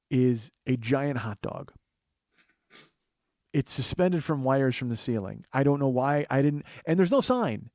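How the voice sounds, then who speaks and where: A man's voice: medium pitch, a little mellow, dry recording. A man in his forties, host of his own show, telling a long story on his own in a wry, profane way, acting out the people he meets. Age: 40s. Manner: profane, wry, acts out other people's voices. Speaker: podcast host. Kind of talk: solo storytelling monologue.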